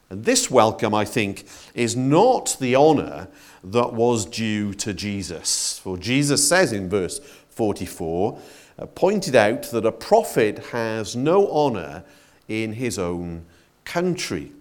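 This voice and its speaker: Animated male preacher. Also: takes it slowly. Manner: expressive, conversational preaching with wide swings in pitch and loudness. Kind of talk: sermon.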